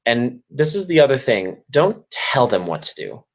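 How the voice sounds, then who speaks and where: A man's voice: medium pitch, big pitch swings, normal speed, lo-fi sound. A man who works as a youth service provider, giving a webinar talk in an earnest, repetitive way and offering practical tips. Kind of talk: webinar presentation.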